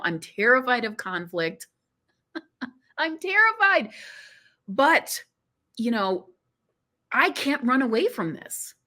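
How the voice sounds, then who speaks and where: Bright-toned woman telling a personal story. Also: lowish voice. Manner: animated, emotional, frequent "you know" fillers. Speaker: podcast guest.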